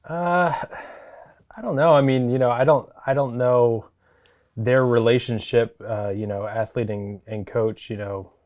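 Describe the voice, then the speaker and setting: A man co-hosting a throws podcast, speaking softly and hesitantly with many pauses and fillers. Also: medium pitch, steady tone, muffled recording. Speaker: throws coach, podcast co-host. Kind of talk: casual sports chat.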